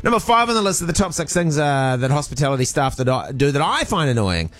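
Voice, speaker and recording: Lively high-voiced New radio host. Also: male voice, fast, no room sound. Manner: joking, sarcastic list-reading. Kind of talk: casual radio banter.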